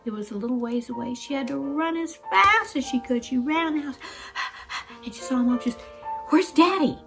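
A woman reading a children's story aloud in an expressive, exclamatory way. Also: high-pitched, a little fast, vocal fry. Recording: guitar music behind.

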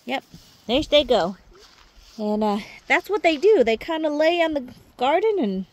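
Woman, casual gardening vlogger, a touch high-pitched, chatty and easygoing, talking outdoors. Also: very animated, moderate pace. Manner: chatty, warm toward viewers, coos baby talk at her dogs. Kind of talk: casual garden walk-through vlog.

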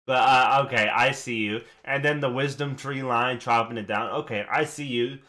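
A man hosting a reaction video, breaking down a rap battle in casual, excitable commentary with bursts of swearing. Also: medium pitch, normal speed. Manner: excitable, swearing, hyping up lines.

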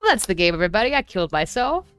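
A woman's voice: medium pitch, sing-song, racing, a bit bright, smooth, dry recording. A woman chatting casually and joking as she streams a game from home. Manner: chatty, joking to herself and chat. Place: home room.

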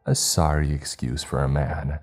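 A man voicing a creature that mimics a young woman's voice, soft and sweet but cruel underneath. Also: extremely low pitch, fairly even intonation, unhurried, faint music behind. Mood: spiteful. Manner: soft and sweet, then spiteful.

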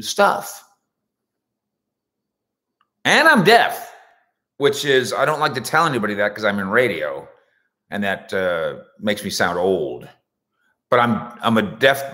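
A man hosting a casual sports talk show in a bright, forceful voice. His pitch swoops up and down a lot as he rambles through jokey stories. He keeps breaking off into playful asides. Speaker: sports radio and web show host. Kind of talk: casual comedic monologue. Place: indoors at home.

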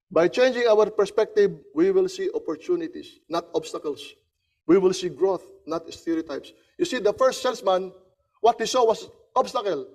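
A man's voice: high-pitched, unhurried, a little mellow. A man preaching a sermon, telling a story and repeating key phrases for emphasis. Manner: storytelling, acts out the characters' voices.

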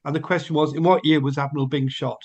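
A man with a somewhat high voice co-hosts a casual podcast chat. He is relaxed and easygoing, and he reads the quiz questions out in a plain, steady way. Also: fast. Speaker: podcast co-host.

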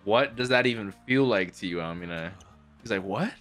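A man hosting an anime reaction video, casual and excitable, swinging between loud hype and quiet musing, with some casual swearing. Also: lowish voice, moderate pace, faint music behind. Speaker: anime reaction channel host.

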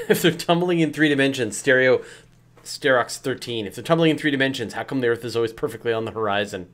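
A man's voice: mid-range voice, quick pace, fairly bright tone. A man hosting a casual movie-riffing chat, asking wry questions and laughing often. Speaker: host.

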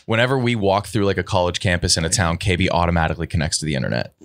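A man's voice: deep voice, very fast, dry recording. A man guesting on a podcast, chatting casually with playful, crude jokes.

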